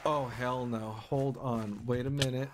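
A man's voice: mid-range voice, fairly even intonation, measured pace, background noise. A young man commentating a game as he plays, easily startled, gasping and exclaiming often. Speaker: gaming YouTuber. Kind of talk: Minecraft let's play commentary. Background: game music.

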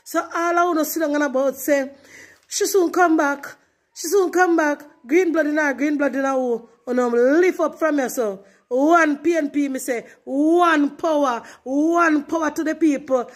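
A woman's voice: high voice, moderate pace. Defiant Jamaican woman speaking broad patois. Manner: defiant, mocking, emphatic. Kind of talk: casual ranting.

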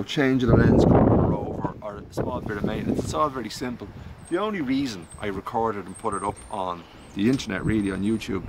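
Out in the cold beside a house, a classic car hobbyist from North County Dublin, Ireland, talks in a lowish voice over background noise. He chats casually through a car repair how-to, rambling, self-deprecating and often sidetracked.

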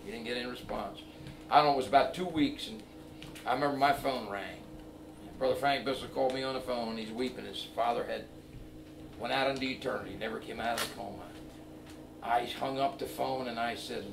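A middle-aged male evangelist preaching a sermon in a church, telling a story and building to loud, emphatic preaching. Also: medium pitch, fairly quick, gravelly, background noise. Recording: echoey church from far off.

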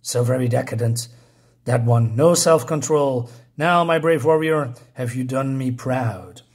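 A man voicing a sly, condescending witch demon queen in a comic recap, with honeyed flattery. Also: mid-range voice, a little slow, husky.

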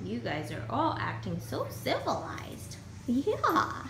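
A woman's voice: on the low side, lively intonation, measured pace, noisy background. A woman boarding dogs who coos praise at them in a rising sing-song and chats casually about them. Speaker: dog boarder. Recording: echoey room with music behind.

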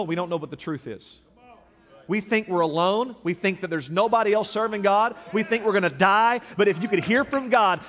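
High-voiced pastor preaching. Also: male voice. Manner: dramatic, swinging from loud declarations to hushed low lines. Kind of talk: sermon. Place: large church sanctuary. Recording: long reverb of a large sanctuary.

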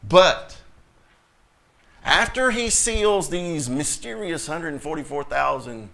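Male preacher, bright forceful tone, slightly high pitch; blunt, emphatic sermon delivery. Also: slow pace, creaky. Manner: animated, emphatic, blunt, rhetorical questions. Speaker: pastor.

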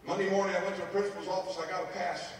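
A man preaching as a pastor, telling a story in an animated, humorous way. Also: high voice, very fast, a little hiss or hum. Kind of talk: storytelling sermon. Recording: echoey hall, mic far off.

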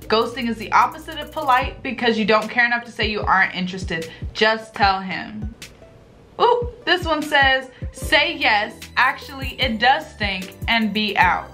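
A woman vlogger reading out comments in a casual, profane, joking way. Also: sits high. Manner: animated, profane, jokey, reads comments aloud. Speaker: vlogger reading advice replies. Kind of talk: casual reaction vlog.

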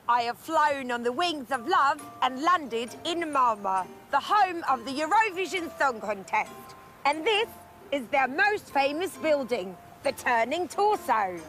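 A woman playing a bumbling, chirpy Eurovision spokesperson. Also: sits high. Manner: bumbling, chirpy and self-important. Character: clueless chirpy female Eurovision spokesperson, middle-aged. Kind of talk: comic mock travel report. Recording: music playing underneath.

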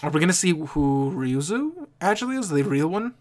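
A man's voice: a little high, big pitch swings, moderate pace. A young man hosting an anime reaction video, chatting casually and rambling, often restarting and correcting himself mid-sentence. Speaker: anime reaction channel host.

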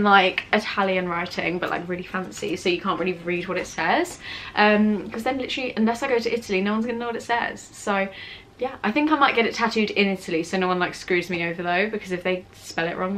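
A teenage English girl talks straight to her camera in a relaxed Q&A vlog. She rambles, giggles and wanders off topic. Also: medium pitch, slight background noise. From England. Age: teens. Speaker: vlogger. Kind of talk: casual Q&A vlog. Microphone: camera mic with ring light setup.

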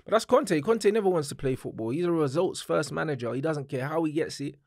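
A young man chats about football as a co-host, arguing his point in quick bursts. His voice sits a little high. The sound is dry and close, with no room echo. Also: lively intonation, darkish tone. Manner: agrees briefly, then argues in quick bursts. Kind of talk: casual football chat.

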